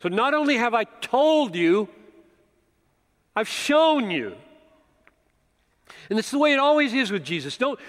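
Slow, emphatic male preacher in a hall. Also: extremely high pitch. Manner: emphatic, rhetorical questions, drops to a hush. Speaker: pastor. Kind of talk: expository sermon. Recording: long reverb of a large hall.

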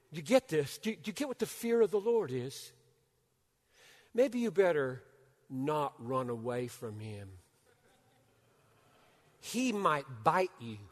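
Older man preaching in an echoing hall. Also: on the high side. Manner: swings from loud urgent bursts to hushed near-whispers. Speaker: pastor. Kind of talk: sermon. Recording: long hall reverb.

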